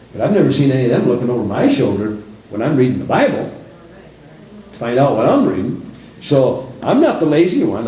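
Animated preacher in an echoey church. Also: male voice, medium pitch, distant mic, a little hiss or hum. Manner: animated preaching, acting out quoted voices, rising emphasis. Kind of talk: sermon. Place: church sanctuary.

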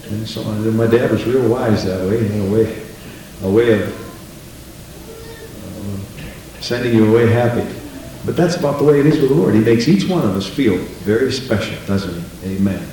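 Preacher in an echoing church. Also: male voice, on the low side, normal speed, warm tone, slight background noise. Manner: folksy, conversational preaching with rhetorical questions. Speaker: pastor. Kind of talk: sermon. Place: church sanctuary. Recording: echoey church room from a distance.

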